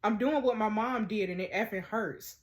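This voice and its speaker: A woman voicing a heartbroken young mother torn over her marriage, reading game dialogue aloud in a soft, low, subdued way. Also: normal speed, natural voice.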